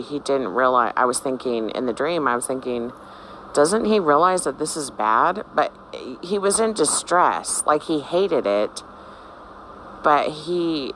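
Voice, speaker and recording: Slow talking host rambling thru a dream for viewers, lots of ums and restarts, bright kinda tone. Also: medium pitch, slight background noise. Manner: rambling, hesitant, with many fillers and restarts; reflective, musing aloud. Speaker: dream-sharing channel host. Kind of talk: casual spoken dream account to viewers.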